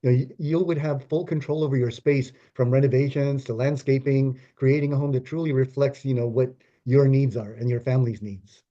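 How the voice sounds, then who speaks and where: A man with a very dark, mellow voice speaks steadily and affirmingly, his talk full of fillers. The recording sounds dull and muffled. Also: mid-range voice, steady tone, brisk, hardly any pauses. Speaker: co-host. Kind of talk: casual conversational talk.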